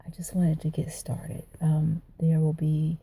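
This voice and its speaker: A woman's voice: sits low, monotone, measured pace, vocal fry, warm tone, breathy edge. A middle-aged woman recording a personal video journal, telling her story in a rambling, emotional way. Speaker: video diarist.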